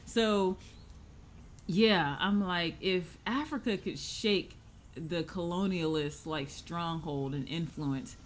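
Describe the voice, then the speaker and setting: A woman's voice: on the low side, takes it slowly, a little hiss or hum. A woman co-hosting a podcast in casual chat, laughing often while giving earnest opinions. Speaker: podcast co-host.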